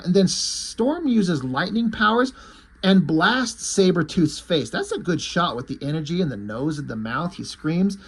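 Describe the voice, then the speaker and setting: A man's voice: high-pitched, very animated, measured pace, husky. A man casually and enthusiastically recapping a comic story, swearing freely and reading out the characters' lines. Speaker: comic book reviewer.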